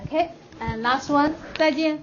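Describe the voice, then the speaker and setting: A woman's voice: high-pitched, normal speed, crowd noise. A woman teaching a beginner language class, patiently modeling words for her students to repeat. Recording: dull audio, noisy classroom.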